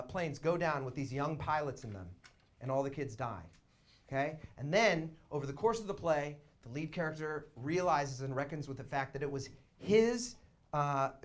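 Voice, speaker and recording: A young man doing live stand-up storytelling on a theater stage, dropping to quiet asides and then breaking into shouted, laughing excitement. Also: fairly high pitch. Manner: laughs while talking. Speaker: stand-up comedian.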